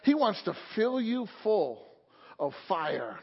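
High-voiced husky male preacher. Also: sing-song, slow pace. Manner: fervent preaching, calls for amen. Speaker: pastor. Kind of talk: sermon. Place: church sanctuary. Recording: echoey hall, dull lo-fi audio.

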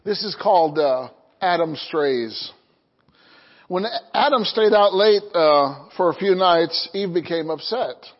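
High-voiced pastor, dull lo-fi sound. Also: male voice, expressive, a little slow. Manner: chuckles through jokes, calls "amen?" to the congregation. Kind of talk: sermon.

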